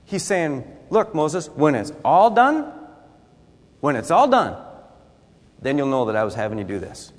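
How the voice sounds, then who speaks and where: A man's voice: on the high side, big pitch swings, moderate pace, hardly any pauses, long reverb tail. A man preaching a sermon in a conversational way, acting out scripture with asides. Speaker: pastor.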